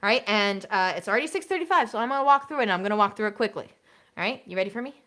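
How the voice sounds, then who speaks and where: This is an upbeat woman leading a live teacher workshop, with a bright, forceful voice. She talks in a lively, chatty way and breaks into short demonstration songs. The pitch sits at a mid level for a woman. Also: rapid-fire. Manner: energetic, chatty, sings demo songs. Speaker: elementary music teacher.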